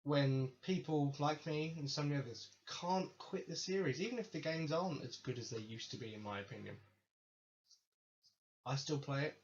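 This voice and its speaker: A man's voice: a little high, moderate pace. A man hosting his own podcast, talking casually in a rambling, enthusiastic way that keeps correcting itself. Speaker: podcast host. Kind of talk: casual solo podcast monologue. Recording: slightly dull lo-fi mic with faint hiss.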